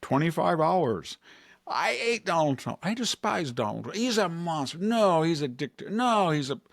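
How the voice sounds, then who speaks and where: A man putting on a mocking take on a ranting male senator. The voice jumps high above his own and grinds with a gravelly fry. It hammers the same complaint again and again in a dry close sound. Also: sing-song, moderate pace, dry recording, exaggerated voice. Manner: shrill, repetitive ranting.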